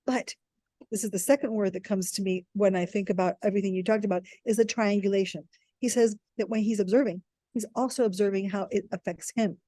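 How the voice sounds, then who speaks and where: A woman's voice: mid-range voice, fairly even intonation, fairly quick, warm tone, dry recording. A woman co-hosting a podcast, reflecting enthusiastically and thinking aloud about what she learned. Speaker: podcast co-host. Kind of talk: casual reflective chat.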